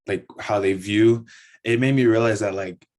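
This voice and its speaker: A teenage boy speaks on a youth panel over a video call. His voice sits low. He talks in a casual, earnest way, leaning on "like" as he thinks aloud. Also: steady tone, moderate pace, a little mellow. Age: teens. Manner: casual, earnest, uses "like" often.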